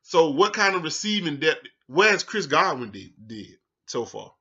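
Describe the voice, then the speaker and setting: A heated man hosting a sports talk show rants casually, cursing freely and jumping from low mutters to loud outbursts. His voice sits a little high and sounds bright and forceful. The recording is dull and lo-fi. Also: very animated, moderate pace, husky.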